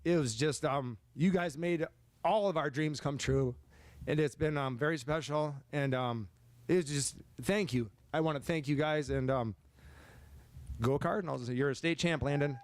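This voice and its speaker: A man in his forties, a head football coach giving a banquet speech, talking in halting, stammering repeats and getting emotional at times. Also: fairly high pitch. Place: banquet hall, indoors.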